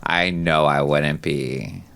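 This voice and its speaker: Deep gravelly guy cohosting, casual, pokes fun at himself, laughs easy. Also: fairly even intonation, takes it slowly, fairly bright tone, slight background noise. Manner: self-deprecating, laughs easily. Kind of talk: casual chat.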